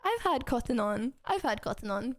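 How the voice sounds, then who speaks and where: A woman's voice: fairly high pitch, big pitch swings, moderate pace. A young woman streamer chatting casually with her viewers from home, rambling and giggling, with lots of restarts.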